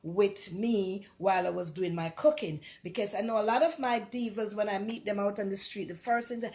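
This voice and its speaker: An older woman with a Jamaican accent chats her way through a home cooking vlog, rambling and affectionate as she talks. Her voice sits at an everyday middle pitch. The recording has the roomy echo of a bare kitchen. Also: steady tone, brisk, darkish tone. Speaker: cooking show host. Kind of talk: casual cooking vlog chat. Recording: echoey kitchen.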